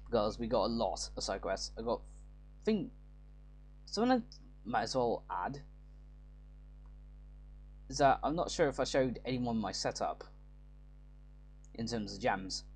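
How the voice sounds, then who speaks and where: A man's voice: medium pitch, sing-song, measured pace, long pauses, breathy edge. Let's play host, man, loose rambling commentary, fixes his words as he goes. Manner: rambling, self-correcting. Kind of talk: casual gameplay commentary.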